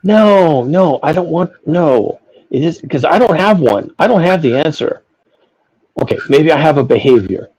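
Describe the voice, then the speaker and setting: A man's voice: fairly high pitch, expressive, normal speed, darkish tone, breathy edge, rough recording. A man hosting a philosophical discussion, ranting emphatically and profanely, often repeating himself. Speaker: podcast host.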